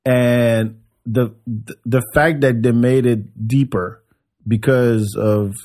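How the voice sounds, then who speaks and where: A man's voice: mid-range voice, fairly even intonation, takes it slowly, darkish tone. A man hosting a podcast, chatting casually, teasing his guest and laughing. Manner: laughs and teases, stumbles over names. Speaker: podcast host. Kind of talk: casual chat.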